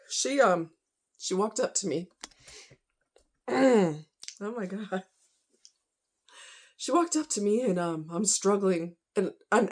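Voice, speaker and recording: Woman, slightly low voice, emotional unscripted storytelling, rambling with fillers. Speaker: vlogger telling a personal story.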